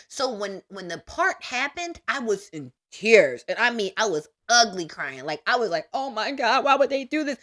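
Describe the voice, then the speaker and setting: A young adult woman hosting a podcast, giving a casual, emphatic monologue full of slang and big pitch swings. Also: pushed and bright. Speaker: podcast host.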